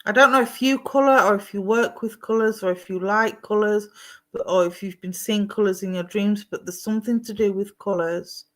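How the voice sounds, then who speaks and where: Woman medium, chatty and affectionate, mid-pitched voice. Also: steady tone, normal speed. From London. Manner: warm, chatty, calls viewers "my darling". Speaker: psychic medium. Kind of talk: live-streamed psychic readings.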